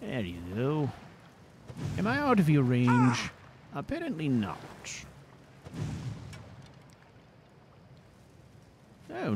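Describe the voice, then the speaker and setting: A man's voice: mid-range voice, a little mellow, slight background noise. A man voicing a fussy, bookish male adventurer who talks in prim, formal phrases and grumbles aside during gameplay. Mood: wry. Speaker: gameplay narrator voicing his character. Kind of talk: in-character gameplay commentary.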